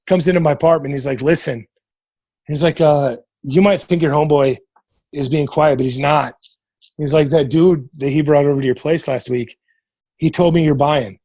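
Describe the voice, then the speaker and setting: A man's voice: fairly high pitch, fairly even intonation, normal speed, a little mellow, no echo. A man around forty from Nebraska, a podcast guest telling stories in a casual, profane way and acting out what people said. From Nebraska, USA. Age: 40s. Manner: profane, retells events by acting out quoted dialogue. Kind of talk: casual storytelling.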